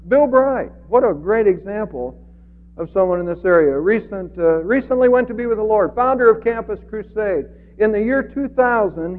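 A man preaching an earnest sermon as pastor, swinging from loud emphasis to quiet. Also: high-pitched. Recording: phone-like radio broadcast with long reverb.

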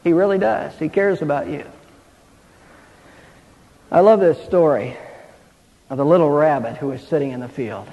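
High-voiced, earnest male preacher. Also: normal speed, pauses often. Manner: earnest, emphatic, animated storyteller. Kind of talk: sermon with storytelling. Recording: dull recording, long hall reverb.

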